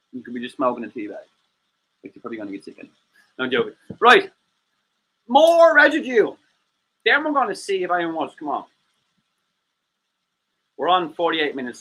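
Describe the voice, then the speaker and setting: A livestream host chats in a loose, rambling way and keeps cracking jokes at their own expense. The voice is bright and bouncy, with a pitch that jumps all over the place. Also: big pitch swings, a little fast, pauses often, poor audio. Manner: rambling, jokey, self-mocking. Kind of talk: casual livestream chat.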